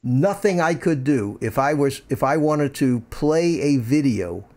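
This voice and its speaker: Older male streamer, gravelly, stammering, chatty desk-mic host. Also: medium pitch, lively intonation, unhurried, darkish tone. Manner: rambling, stammers and repeats words. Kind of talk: casual live-stream chat. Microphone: desk microphone through a USB mixer.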